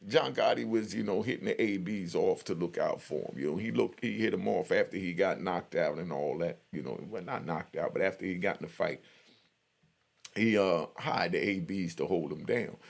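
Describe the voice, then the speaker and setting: A man's voice: low-pitched, normal speed, creaky. A middle-aged man telling a story in loose street talk full of "you know" fillers. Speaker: prison storyteller. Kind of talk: casual spoken storytelling.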